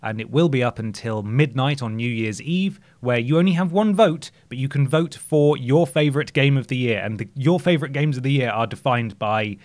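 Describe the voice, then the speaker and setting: A man's voice: medium pitch, normal speed, hardly any pauses, darkish tone. A man co-hosting a gaming podcast in casual chat, talking enthusiastically and rambling a little. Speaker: podcast co-host.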